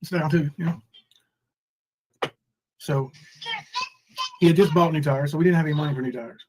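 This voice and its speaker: A man in his forties hosts a casual livestream in a slightly high, fairly even voice with a darkish tone, at a moderate pace. He rambles about his troubles, reads viewers' names from the chat, and does mock crying bits, over poor audio with slight background noise.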